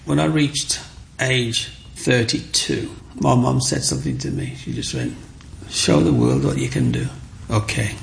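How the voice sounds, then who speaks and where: Gravelly middle-aged guy telling his story in an interview, chatty, does little voices for people. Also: medium pitch, unhurried, slight background noise. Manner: chatty, animated, acts out quoted voices. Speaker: guest, micro-sculptor.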